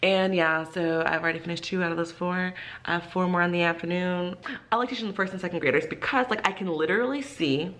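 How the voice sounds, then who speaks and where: A woman's voice: fairly low pitch, fast talker. A young woman, an ESL teacher, chatting casually in a vlog and acting out quotes as she tells stories, with lots of "like" fillers. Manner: animated storyteller, many "like" fillers, acts out quotes.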